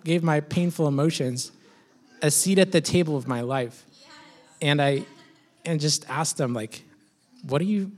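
A man reflectively sharing personal struggles with a church group, thoughtful and searching, with some hesitation. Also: fairly high pitch.

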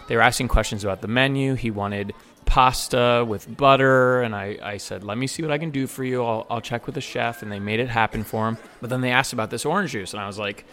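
A man's voice: mid-range voice, a little fast. Eager man telling a workplace story. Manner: animated, acts out the dialogue he quotes. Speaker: bartender and server telling a story. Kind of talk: casual spoken storytelling.

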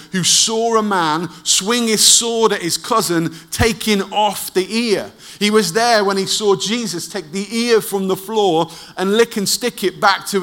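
A man delivers a sermon at an unhurried, deliberate pace. His voice sits a little high for a man. He tells the story dramatically, letting his voice sink low and quiet at the tense moments. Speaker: preacher.

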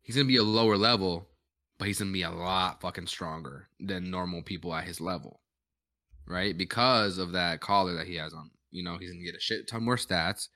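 A man's voice: sits low, a little fast, bright, forceful tone. A man co-hosting a podcast in casual chat, laid-back and tired, talking in gamer slang and swearing casually. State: yawning, tired. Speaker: podcast co-host.

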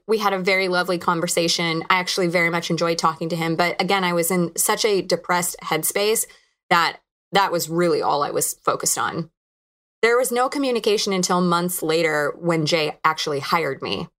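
A woman's voice: on the low side, fairly quick, fairly bright tone. A woman in her thirties, hosting a podcast, telling a candid, reflective personal story. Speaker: podcast host.

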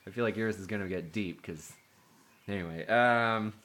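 A man's voice: on the low side, normal speed, fairly bright tone. A man hosting a casual podcast who reacts to stories, jokes crudely and introduces segments. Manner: reactive, joking, profane. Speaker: podcast host. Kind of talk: casual chat.

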